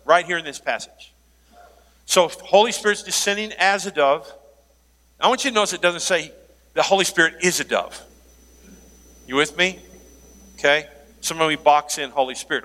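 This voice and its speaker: A man preaching a sermon as pastor, animated, joking aside and laughing now and then. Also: on the high side. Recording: long hall reverb.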